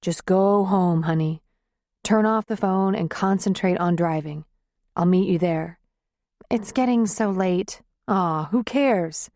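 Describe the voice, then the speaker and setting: A woman voicing a gentle, caring man who speaks softly and soothingly to his upset girlfriend in an audiobook. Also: on the low side, dry recording, studio quality. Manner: soft, soothing, unhurried.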